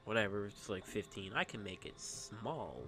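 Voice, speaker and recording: A man's voice: lowish voice, normal speed, music in the background. A man casually commenting on a game he plays, joking and swearing. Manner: joking, profane, rambling. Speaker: let's play host.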